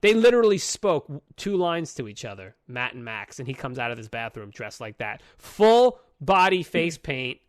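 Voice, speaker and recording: A man of middle pitch talks through a story in a casual podcast, animated and profane, his voice jumping up and down. The sound is dry and close, with no room around it. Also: no room sound. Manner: animated, profane retelling with quick pitch jumps. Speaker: podcast co-host.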